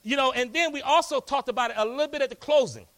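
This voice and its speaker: A man preaching a lively sermon in a church, folksy and rousing, calling out to the congregation. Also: extremely high pitch, quick pace. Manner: folksy, rousing, call-and-response. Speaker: pastor. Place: church hall.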